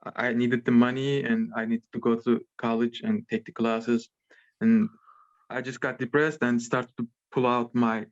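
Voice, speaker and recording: A young man from Turkey speaks English with a Turkish accent at an ordinary pitch. He gropes for words with many fillers and restarts. His voice comes through slightly dull, like lo-fi call audio. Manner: hesitant, halting with many fillers. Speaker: podcast guest. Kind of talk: casual chat.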